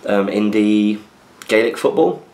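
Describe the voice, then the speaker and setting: Low-voiced man chatting in a roomy space. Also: expressive, a little slow, a little mellow. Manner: chatty, reads listener messages aloud with asides. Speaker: podcast host answering listener questions. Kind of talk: casual chat. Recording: roomy echo.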